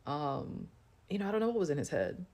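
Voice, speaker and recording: A woman's voice: deep voice, sing-song, brisk, darkish tone. A woman telling a personal story to camera in a loose, chatty way, full of fillers. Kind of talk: casual storytime monologue.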